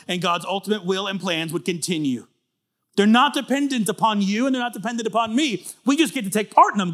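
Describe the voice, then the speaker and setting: A man in his thirties preaching a sermon in a conversational way, building to loud emphatic peaks. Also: high-pitched. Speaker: pastor.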